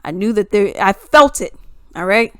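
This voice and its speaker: A woman's voice: medium pitch, lively intonation, moderate pace, clear, resonant tone, no room sound, clean studio sound. A young adult woman vlogging an opinionated monologue, emphatic and full of rhetorical questions.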